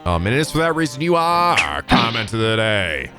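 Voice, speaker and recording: A young man hosting a game playthrough, chatting casually in a rambling, energetic way, swearing now and then. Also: mid-range voice, moderate pace, soft background music. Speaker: let's play host. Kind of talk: casual gameplay commentary.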